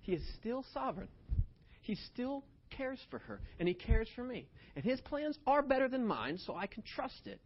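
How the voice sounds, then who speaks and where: Animated preacher man, lo-fi sound. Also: very high-pitched, normal speed, a little hiss or hum. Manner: animated storytelling, swinging from hushed to loud. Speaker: pastor. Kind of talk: sermon. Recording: dull lo-fi sound.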